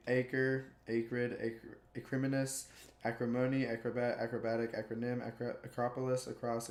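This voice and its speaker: Male YouTuber, flat delivery, rattles off a word list, slips and laughs, roomy sound. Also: medium pitch. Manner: monotone word list with stumbles and chuckles. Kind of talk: reading dictionary words aloud.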